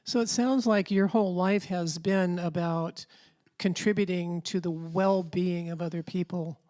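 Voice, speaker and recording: A woman's voice: on the low side, fairly even intonation, measured pace, darkish tone. A woman pastor interviewing a guest at a church event, conversational with fillers.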